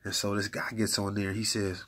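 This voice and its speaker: Man, low husky voice, casual faith talk that turns animated in stories. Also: normal speed. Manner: conversational, uses many fillers like "you know what I'm saying"; gets animated and hyped when retelling stories. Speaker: faith speaker. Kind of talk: casual spoken encouragement about faith.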